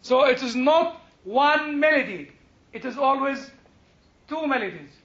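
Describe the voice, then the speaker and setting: A man's voice: very high-pitched, expressive, measured pace, a bit bright, roomy sound, lo-fi sound. A man lecturing a class on the Bible, chatty and digressive, full of "you know" and little chuckles, asking his listeners questions. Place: lecture room with a live audience.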